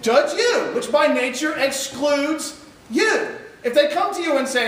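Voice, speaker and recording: A man's voice: very high voice, animated, measured pace, a bit bright. Emphatic man lecturing in an echoey hall. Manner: emphatic, asks the audience rhetorical questions. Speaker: speaker at a school chapel. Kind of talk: chapel talk to high school students. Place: large echoey chapel hall. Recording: echoey hall recorded from far off.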